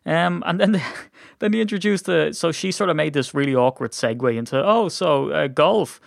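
This Irish sports podcast host sounds a little high, brisk and creaky, chatting casually in a rambling, self-deprecating manner full of fillers. Clean studio sound, no room sound.

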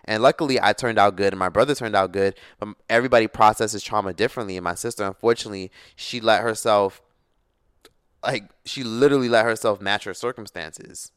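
A man's voice: on the low side, a little fast, clean tone, dry recording, studio quality. A man in his twenties telling a personal story in a casual vlog, blunt and full of swearing. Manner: blunt, profane, animated storytelling. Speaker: YouTuber.

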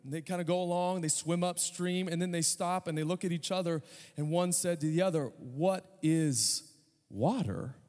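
A man's voice: high-pitched, flat delivery, a little fast. Man preaching in a reverberant church. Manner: conversational preaching with humor, swinging from quiet to fervent. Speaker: pastor. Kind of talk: sermon. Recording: church hall with long reverb.

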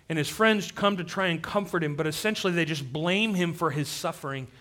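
A man preaching a sermon as pastor, shifting between energetic emphasis and quiet, intense moments. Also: fairly high pitch.

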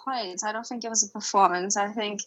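Earnest, bright-voiced woman. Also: mid-range voice, fairly even intonation, brisk, low-quality recording. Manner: earnest and hedging, with many fillers. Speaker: podcast co-host. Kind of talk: casual podcast chat.

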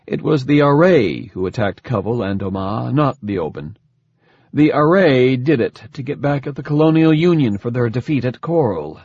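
A man voicing a gentle scientist father who explains things calmly and quickly. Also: mid-range voice, slightly rough, no room sound, lo-fi sound, voice pushed up. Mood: explaining.

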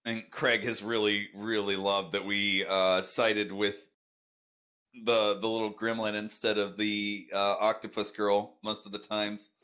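A man's voice: on the low side, flat delivery, a little slow, sharp tone. A man as a podcast interview guest, answering in a dry, sarcastic way.

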